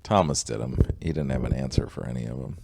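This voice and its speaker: A man hosting a casual comedy podcast, asking game questions and laughing loudly and often. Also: very deep voice, fast, vocal fry, slightly rough, no echo. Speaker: podcast host.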